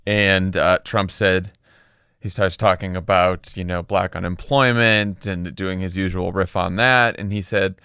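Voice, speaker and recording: A man's voice: sits low, steady tone, measured pace, bright, forceful tone, clear, resonant tone, dry recording. A man co-hosting a casual political podcast, sardonic and often laughing. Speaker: co-host.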